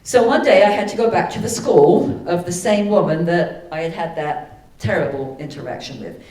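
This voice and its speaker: A woman giving a sermon, telling a personal story, then leading a slow, soothing guided meditation. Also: lowish voice, dark tone. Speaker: spiritual speaker. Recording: echoey hall from far off.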